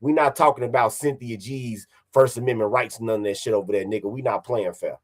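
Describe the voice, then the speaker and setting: A man's voice: medium pitch, steady tone, a little fast. A man streaming online, ranting casually in a profane, confrontational way and repeating his points.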